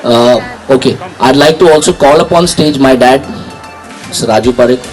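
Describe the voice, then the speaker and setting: A man hosts an award ceremony, speaking casually and haltingly to a crowd over a handheld microphone. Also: mid-range voice, music in the background, rough recording. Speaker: ceremony host. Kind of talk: informal welcome speech.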